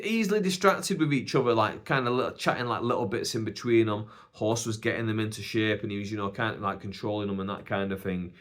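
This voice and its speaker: Male podcast host, Manchester accent, animated storyteller who voices everyone in the anecdote; mid-pitched. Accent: Northern English, Greater Manchester. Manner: animated, acts out both sides of dialogue. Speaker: podcast host and stand-up comedian. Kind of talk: casual storytelling.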